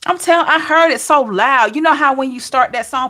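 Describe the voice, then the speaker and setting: A woman's voice: sits high, animated, brisk, sharp tone, faint music behind. Chatty Southern woman reading tarot. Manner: chatty, laughing, talking to live chat. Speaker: tarot reader. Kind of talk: live-stream tarot reading.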